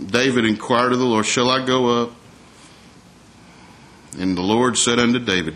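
A man preaching a sermon at a middling pitch. He talks in a folksy, conversational way, reads scripture aloud and often turns to the congregation with a question. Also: steady tone, normal speed, pauses often, a bit bright.

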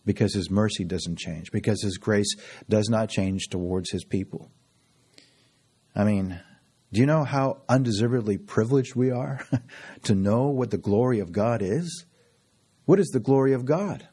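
A man preaching with fervour and frequent chuckles, his voice husky and sitting a little low. He is middle-aged and leans on repetition to drive home each point of the sermon. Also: moderate pace, warm tone. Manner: fervent, with frequent laughs and repetition.

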